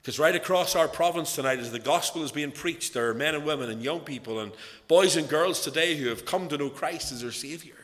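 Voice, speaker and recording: Slightly high and a little fast, with a fairly bright tone, a man with a Northern Irish accent preaches an evening sermon as a lay preacher. He speaks earnestly through stories, his stress rising and falling, and the church hall echoes.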